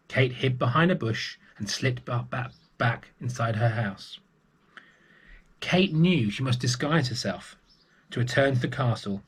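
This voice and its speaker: A man reading a picture book aloud to young children, gentle and unhurried. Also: medium pitch, expressive, slightly rough. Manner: gentle and unhurried, with small restarts.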